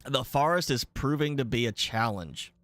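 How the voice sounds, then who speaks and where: A man's voice: medium pitch, normal speed, fairly bright tone, no room sound. A man with a mild Southern American accent, chatting casually while streaming a game, thinking aloud with lots of fillers. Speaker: gaming streamer. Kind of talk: casual live gameplay commentary.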